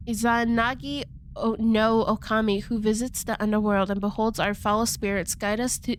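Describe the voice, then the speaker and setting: A woman voicing a wife who chants a purification prayer over her dying husband, slow and solemn, tripping over the harder words. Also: a little high, steady tone, a little hiss or hum, natural voice.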